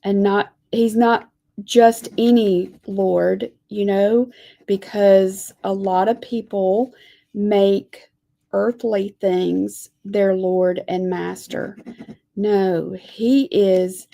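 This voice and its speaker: A woman teaching a live lettering lesson, talking gently to viewers as she draws and reads scripture. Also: mid-range voice, steady tone, vocal fry. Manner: slow, gentle, talks to viewers while drawing.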